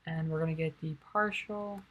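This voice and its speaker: A tired young woman quietly working through a physics derivation, thinking aloud in a soft, low-key way with many fillers. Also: steady tone, normal speed, phone-quality sound. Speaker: physics tutor.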